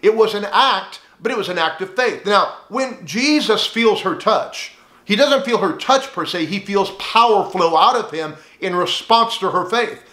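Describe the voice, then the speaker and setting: A man's voice: sits high, expressive, a little slow, pushed and bright, reverberant. A man teaching a sermon, earnest and direct, addressing the listener as friend. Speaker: pastor.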